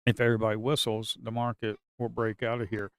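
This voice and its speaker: A man giving casual live commentary on a slow market as a day trader, grumbling and talking to his viewers as folks, with sudden excited outbursts. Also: fairly low pitch, a little hiss or hum.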